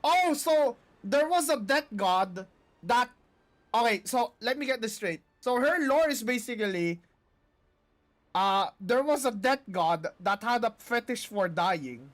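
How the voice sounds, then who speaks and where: A streamer reacting loosely and excitably during a live card game stream, swearing freely. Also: medium pitch, measured pace. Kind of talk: casual live-stream commentary.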